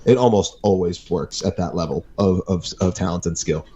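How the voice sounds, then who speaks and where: A man's voice: low voice, normal speed, dark tone, lo-fi sound, a little hiss or hum. A man chatting as a guest on a podcast, laid-back and amused, often giving short agreeing replies. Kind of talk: casual podcast chat.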